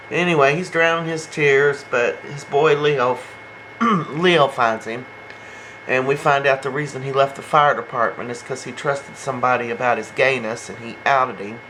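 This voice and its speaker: A man's voice: mid-range voice, moderate pace, bright, forceful tone, a little hiss or hum, rough recording. A man casually recapping a soap opera episode in a gossipy, chatty way. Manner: gossipy and chatty, retells scenes with quotes.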